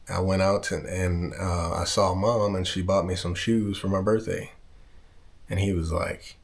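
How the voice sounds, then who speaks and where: With a low, flat, vocal-fry voice at normal speed, a man from Southern California rambles through a personal story on his casual vlog. He swears as he goes and keeps backtracking.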